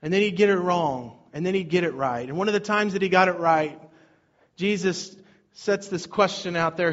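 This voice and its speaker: A man's voice: high-pitched, normal speed, fairly bright tone, dull audio. A man preaching a sermon in a conversational way, rising and falling in intensity. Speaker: pastor.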